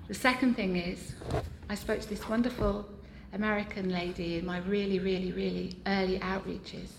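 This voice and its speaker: A woman speaking candidly and earnestly, with self-deprecating humor, as she shares at a support group meeting. Her voice sits at an ordinary middle pitch. It rings through a roomy, echoing meeting room, with faint background noise. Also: steady tone, normal speed, creaky. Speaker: meeting member sharing.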